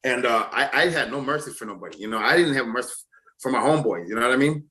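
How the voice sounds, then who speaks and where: Guest, man in his 40s, bright tense tone, cursing, rambling with stammered restarts. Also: mid-range voice, expressive, quick pace. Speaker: interview guest, former prisoner. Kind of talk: casual storytelling.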